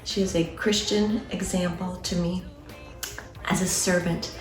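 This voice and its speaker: Flat-voiced woman, distant and echoey. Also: on the low side, unhurried, faint music behind. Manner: earnest, heartfelt. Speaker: family friend giving a tribute. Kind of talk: spoken tribute. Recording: echoey room, distant mic.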